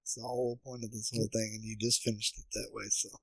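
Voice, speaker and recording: A man hosting a podcast, answering his guest with short affirming remarks and warmly closing the episode. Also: on the low side, level tone, fast talker, no echo, low-quality recording. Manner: affirming, brief acknowledgments. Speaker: podcast host. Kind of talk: casual chat.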